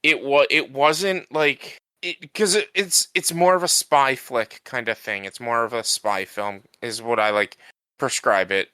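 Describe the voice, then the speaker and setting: Bright-voiced man chatting casually. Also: medium pitch, steady tone, measured pace, clear, resonant tone, no echo. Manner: rambling, many restarts and fillers. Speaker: podcast co-host. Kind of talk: casual chat.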